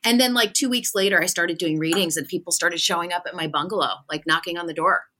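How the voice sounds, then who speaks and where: A young adult woman, a spiritual medium, chatting casually on a podcast, telling animated stories and acting out the voices of the people in them. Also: fairly low pitch, quick pace.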